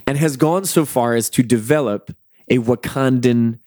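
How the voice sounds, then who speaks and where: A man's voice: mid-range voice, normal speed, darkish tone, no echo, studio quality. A man co-hosting a casual podcast, talking with enthusiasm and spinning playful theories. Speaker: podcast co-host.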